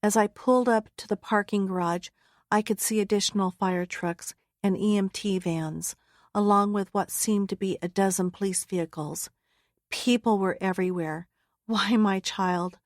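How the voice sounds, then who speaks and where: Woman memoir narrator, mid-pitched voice, steady and earnest, close dry studio read. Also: moderate pace, no room sound. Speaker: audiobook narrator. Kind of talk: first-person memoir narration. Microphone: close studio mic.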